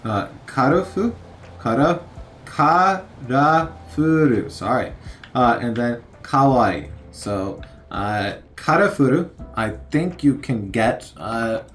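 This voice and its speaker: A man in his thirties casually narrating a learning game, halting with many fillers as he sounds out vocabulary. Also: mid-range voice, animated, fairly bright tone, faint music behind. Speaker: streamer learning Japanese.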